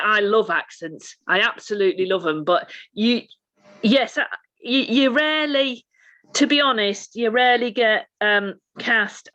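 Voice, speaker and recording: A woman's voice: mid-range voice, a bit bright. A woman with a Lancashire accent, an actor, chatting casually and laughing between her points on a video call. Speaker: actor guest. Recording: dull lo-fi video call audio.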